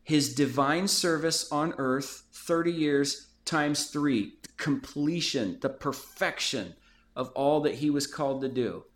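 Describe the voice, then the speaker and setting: A man's voice: fairly high pitch, slow pace, reverberant. A man hosting a Bible study talk, explaining ideas earnestly in casual teaching chat and sometimes drifting off on tangents.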